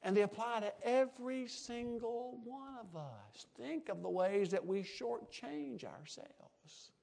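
Preacher man, high voice, folksy sermon, goes quiet then loud. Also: lively intonation, takes it slowly, gravelly. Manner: folksy, swinging between soft asides and loud emphatic peaks. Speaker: pastor.

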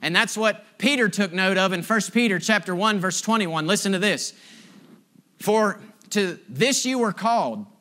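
A middle-aged male pastor delivers a sermon in a high, bright voice. He tells stories from the pulpit, moving between emphatic lines and hushed, drawn-out points. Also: lively intonation. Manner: storytelling, swings from emphatic to hushed and slow.

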